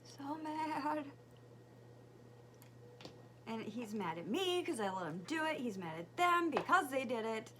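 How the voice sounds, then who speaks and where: A woman telling a story while doing her makeup, chatty and rambling, with fillers and soft asides. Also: fairly high pitch, very animated, normal speed, few pauses, noisy background. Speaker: beauty vlogger and mother. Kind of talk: casual get-ready-with-me story chat.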